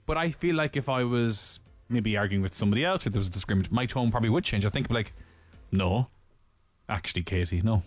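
An excitable man co-hosting a radio chat, quick to laugh and joke. His pitch is lively and leaps about. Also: soft background music. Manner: excitable, jokey, laughs often. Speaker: radio co-host. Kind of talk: casual chat.

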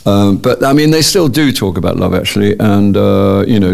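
A man with a low, gravelly voice talks with a guest's dry wit. He tells his stories unhurriedly and wryly, often stopping to restart a phrase. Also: animated, darkish tone. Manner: dry, wry, with halting restarts. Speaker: actor guest. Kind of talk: casual interview chat.

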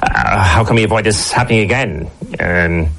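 A man playing a radio rugby pundit in a comedy sketch, waffling and repeating himself in a deadpan way. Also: fairly low pitch, moderate pace, creaky.

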